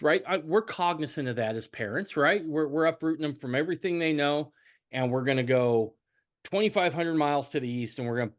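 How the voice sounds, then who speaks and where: A middle-aged man hosting a podcast, telling a family story in casual conversation, repeating words and rambling. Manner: rambling, repeats words, animated swings in pitch. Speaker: podcast host.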